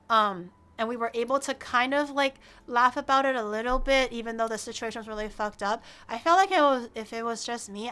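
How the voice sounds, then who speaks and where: A young woman streamer telling a story in an animated, casual way, full of "like" fillers and acting out the people in it. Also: on the high side. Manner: frequent "like" fillers.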